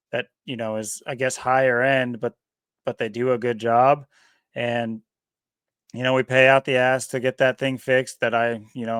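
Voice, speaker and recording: A man co-hosting a podcast in casual chat, talking in a rambling, animated way. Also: mid-range voice, smooth, no room sound, clean studio sound. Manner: rambling, animated, laughs often. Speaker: podcast co-host.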